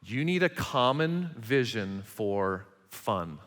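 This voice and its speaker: A man in his forties preaching a sermon as pastor, emphatic and animated, acting out quarrels between parents. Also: lowish voice, takes it slowly. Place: church auditorium. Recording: large hall reverb.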